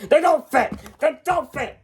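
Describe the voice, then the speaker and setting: A performer voicing a short-tempered frog customer who shouts indignant complaints. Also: medium pitch, big pitch swings, a little slow, creaky, distant mic, exaggerated voice. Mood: angry.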